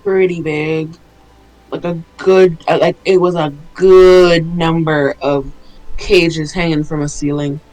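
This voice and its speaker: A woman running a tabletop game as game master, giving quick, casual answers full of fillers and narrating what the players hear. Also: deep voice, fairly even intonation, a little mellow, faint music behind, poor audio.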